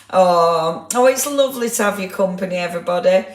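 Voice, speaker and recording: A woman's voice: on the low side, fairly quick, hardly any pauses. A woman hosting a casual live craft stream, greeting viewers by name and laughing often. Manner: chatty, reads out viewer comments, laughs often. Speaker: craft livestream host. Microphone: clip-on microphone. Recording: roomy echo.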